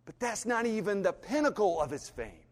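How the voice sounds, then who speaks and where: High-voiced preacher in a reverberant hall. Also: male voice, sing-song, moderate pace. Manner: storytelling, acts out voices, swings from hushed to fervent. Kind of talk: sermon.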